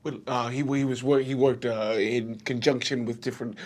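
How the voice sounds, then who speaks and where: A man's voice: medium pitch, steady tone, normal speed, a little mellow. A man playing a haughty, stammering rich boy. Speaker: player. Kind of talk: in-character tabletop play.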